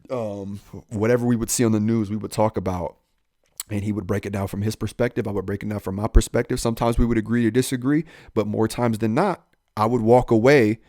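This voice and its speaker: A young adult man, a police officer, telling his own life story in an animated way, jumping up in pitch when he quotes people. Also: no room sound, studio quality. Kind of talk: personal storytelling in a podcast talk.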